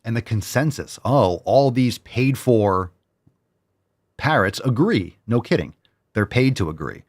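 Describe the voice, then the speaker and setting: A man's voice: mid-range voice, expressive, measured pace. A man hosting a solo commentary show, ranting in a heated, sarcastic, profane way and repeating phrases for emphasis. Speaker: podcast host.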